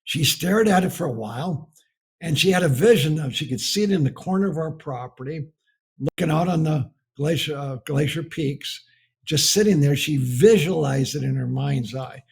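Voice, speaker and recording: A man's voice: fairly high pitch, moderate pace, gravelly, slightly rough. A middle-aged man from the United States giving a folksy storytelling sermon about marriage, chuckling as he goes. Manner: folksy, laughs through his story. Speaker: speaker on marriage.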